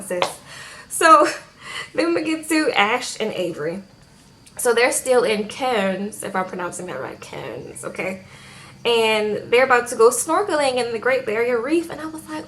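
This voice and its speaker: A woman giving a sassy, animated casual recap of a reality show, acting out the people she quotes. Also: fairly high pitch, normal speed, slight background noise.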